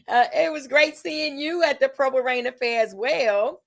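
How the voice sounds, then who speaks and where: Woman, slightly high voice, chatty host, casual livestream announcements, fillers and corrections. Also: a little slow, vocal fry. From Tampa, Florida. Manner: chatty, hypes the audience with call-and-response; reads out details with fillers and self-corrections. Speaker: host and event organizer.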